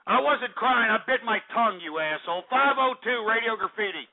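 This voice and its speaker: A man's voice: sits high, expressive, fairly quick, gravelly. A male call-in radio host, brash and profane, out of breath, mocking his callers. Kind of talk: crude comedic call-in radio. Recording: tinny phone-line radio with faint music.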